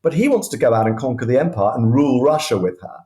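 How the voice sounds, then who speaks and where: A man's voice: mid-range voice, expressive, fast, warm tone, roomy sound. A man speaking as a guest historian, telling history as vivid anecdotes and often restarting his sentences mid-thought. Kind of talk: conversational history storytelling.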